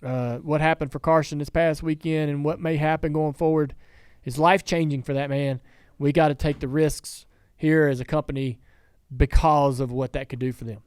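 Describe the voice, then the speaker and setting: A man's voice: on the high side, fairly even intonation, normal speed, few pauses, a little mellow, clean tone, no echo. A man hosting a casual studio talk show, telling rambling stories with many restarts. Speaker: podcast host and team owner. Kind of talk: casual chat.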